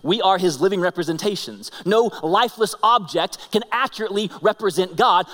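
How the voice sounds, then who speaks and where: A man's voice: sits high, expressive, normal speed, few pauses, fairly bright tone. A man in his thirties preaching a sermon, telling stories in an earnest way and often repeating his words. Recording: long hall reverb.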